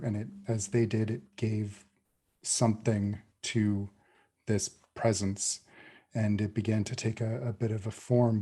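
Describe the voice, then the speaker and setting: A man's voice: lowish voice, warm tone. A man player narrating a flashback in a tabletop game, hesitant and restarting.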